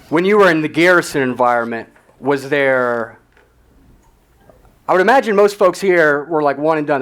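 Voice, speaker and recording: A man hosting a live veterans' storytelling event, casually moderating and teasing the guests with follow-up questions. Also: on the high side. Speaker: event host. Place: restaurant event room.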